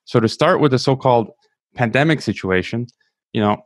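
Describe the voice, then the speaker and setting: A man hosting a podcast, reading an intro and then asking long questions with a measured delivery and some fillers. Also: mid-range voice, no room sound. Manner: measured, reads promos, uses fillers. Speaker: podcast host.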